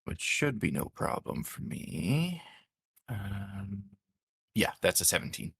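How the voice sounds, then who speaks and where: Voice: low-pitched, very animated, slow pace, vocal fry, a bit bright, husky, no echo, studio quality. A player in a tabletop game, speaking hesitantly with many fillers.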